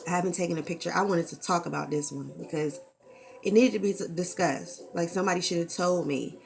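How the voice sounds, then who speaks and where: Candid gravelly-voiced woman vlogging. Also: fairly low pitch, fairly quick, faint music behind. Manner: candid, expressive, swears freely. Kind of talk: casual vlog talk.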